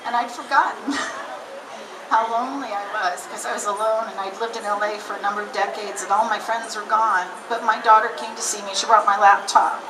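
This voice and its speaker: Distant woman giving an animated rally speech. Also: medium pitch, normal speed, noisy background. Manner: animated storyteller, acts out quoted dialogue. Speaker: rally speaker. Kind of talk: personal story speech at an outdoor rally. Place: outdoor rally. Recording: roomy distant camera audio with loud ambience.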